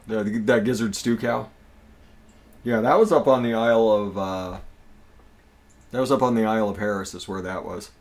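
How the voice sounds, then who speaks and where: Low-voiced man chatting on a livestream. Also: normal speed, pauses often, darkish tone. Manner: rambling, repeats himself. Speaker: livestream host. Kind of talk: casual chat.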